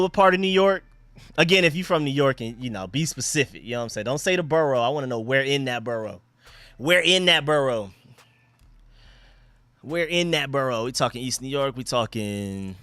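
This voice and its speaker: A young man from Atlanta hosting a casual sports live stream, reading out chat shout-outs in loose slang. He repeats phrases and swings between hyped calls and low mumbles. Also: clear, resonant tone, no echo. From Atlanta, Georgia. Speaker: livestream host.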